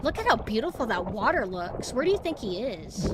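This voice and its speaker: A woman streamer talking casually to her viewers, excitable and swearing freely. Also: fairly high pitch, brisk, very noisy. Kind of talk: casual live-stream commentary. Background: game music.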